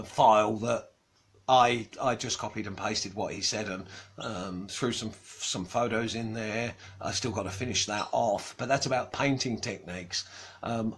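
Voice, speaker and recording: Gravelly rambling Australian man. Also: medium pitch, a bit bright, slight background noise. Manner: rambling, chuckling, many ums and restarts. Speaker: livestream host. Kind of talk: casual chat answering viewer comments.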